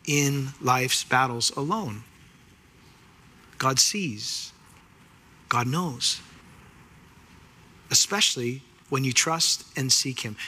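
A man with a husky, mid-range voice preaches a sermon, animated as he acts out the voices of the people in his story.

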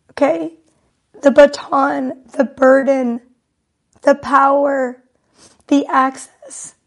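A woman giving an emotional spiritual talk, emphatic and repetitive, near tears. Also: high-pitched. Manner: slow, emphatic, repetitive, tearful. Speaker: spiritual speaker.

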